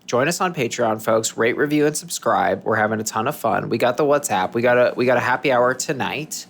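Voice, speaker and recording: A man's voice: medium pitch, brisk, creaky, fairly bright tone. A man co-hosting a podcast in casual chat, rambling, restarting his sentences and joking as he goes. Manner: rambling, self-interrupting, jokey. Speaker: podcast co-host.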